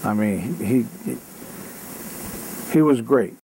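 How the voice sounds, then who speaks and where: An older man recalling his parish priest from his childhood, speaking plainly with small pauses during an interview. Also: medium pitch, animated, warm tone, slight background noise, low-quality recording. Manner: plain, halting recollection. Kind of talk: reminiscing in an interview.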